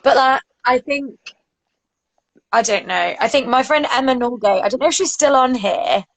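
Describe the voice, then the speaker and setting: Woman, 30s, podcast co-host: high, chatty, swears, dry close recording. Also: normal speed, no room sound, low-quality recording. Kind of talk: casual chat.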